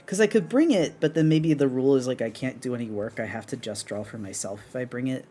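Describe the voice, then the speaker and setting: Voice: medium pitch, fast talker, mellow, slight background noise. A streamer chatting casually while drawing, rambling with lots of fillers and restarts. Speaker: art streamer. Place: apartment on an upper floor.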